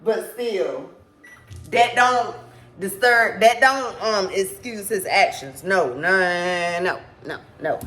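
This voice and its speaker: A woman's voice: mid-range voice, slow pace, fairly bright tone. A woman vlogger telling a casual storytime to her viewers, candid and rambling, swearing freely and apologizing as she loses her thread.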